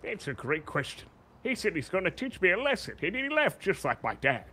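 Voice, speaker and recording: A man in a game roleplay making goofy, deadpan absurd jokes. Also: high voice, brisk, breathy edge. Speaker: roleplay player. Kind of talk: GTA roleplay in character.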